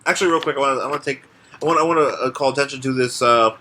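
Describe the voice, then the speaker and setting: A man's voice: medium pitch, racing, sharp tone, a little hiss or hum. A man co-hosting a podcast in casual comedic chat, rambling and restarting his sentences as he acts out scenes. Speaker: podcast co-host.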